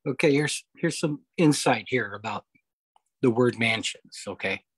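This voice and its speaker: A man leading a Bible study over a video call, explaining scripture step by step, often pausing on okay and uh. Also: medium pitch, breathy edge, no room sound, rough recording. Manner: explanatory, repeats key points, frequent okay and uh. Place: home, online meeting.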